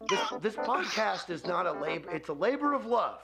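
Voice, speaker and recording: A man hosting a podcast in casual chat, teasing his co-host in a deadpan way. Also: high-pitched, moderate pace, creaky, over music.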